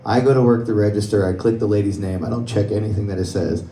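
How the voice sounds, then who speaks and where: With a quick pace and a warm, lowish, steady voice, a young man works through a stand-up set on a club stage. He tells stories conversationally and laughs at his own jokes. Slight background noise and roomy club sound come through a distant mic.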